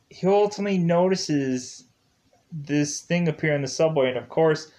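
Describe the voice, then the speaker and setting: A man talks through a movie in a loose, rambling way, leaning on "like" and "uh" as he goes. He speaks slowly at an average pitch and chuckles now and then as he recounts scenes. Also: darkish tone. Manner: rambling, heavy on fillers like "like" and "uh"; chuckles while retelling scenes. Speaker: film reviewer. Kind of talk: casual video review.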